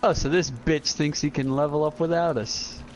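A man's voice: a little high, fairly even intonation, normal speed, soft background music, rough recording. A young man streaming a game with friends, joking, laughing and swearing in casual banter.

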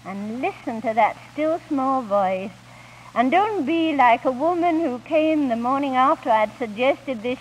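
A woman speaking at a 1950s Christian camp meeting, gently telling homely stories as she ministers, on an old archival recording. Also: high-pitched, normal speed, slight background noise, rough recording. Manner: gentle storytelling with homely anecdotes. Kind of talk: 1950s recorded devotional talk.

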